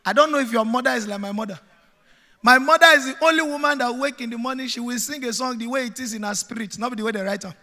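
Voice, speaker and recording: A man's voice: very high-pitched, quick pace, bright, forceful tone, big-room sound. A man with a Nigerian Pidgin accent doing stand-up comedy, chatting and breaking into snatches of song.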